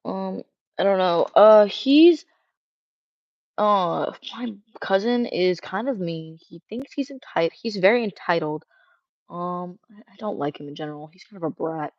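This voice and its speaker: A streamer with a feminine-sounding voice, casually ranting and rambling, cursing freely and reading chat questions aloud. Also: female voice, on the low side, animated, a little slow, darkish tone, no room sound. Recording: dull lo-fi dry mic sound.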